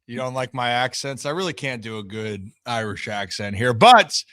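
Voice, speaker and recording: A man's voice: medium pitch, lively intonation, moderate pace, sharp tone, clean tone, no echo, clean studio sound. A man hosting a live sports talk show, chatting upbeat and straight to his viewers.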